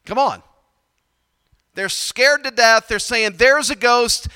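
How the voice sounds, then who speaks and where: High, bright-voiced energetic preacher. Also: male voice, slow, pauses often, clear, resonant tone, no room sound, long reverb tail. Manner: energetic, swings between loud emphatic bursts and quiet low asides. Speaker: pastor. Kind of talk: sermon.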